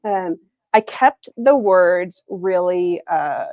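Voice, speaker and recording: A woman's voice: on the low side, lively intonation, slow pace, a little mellow, no echo, lo-fi sound. Upbeat woman chatting through a product reveal live, dry close sound, laughs a lot. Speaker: planner shop owner hosting a livestream. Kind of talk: casual livestream product reveal. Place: Arizona.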